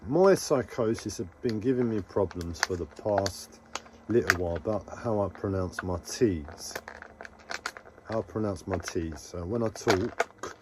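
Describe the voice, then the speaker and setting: A man live streaming a rambling, casual monologue to his viewers, halting often and talking to himself. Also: deep voice, noisy background. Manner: meandering, halting, talks to himself.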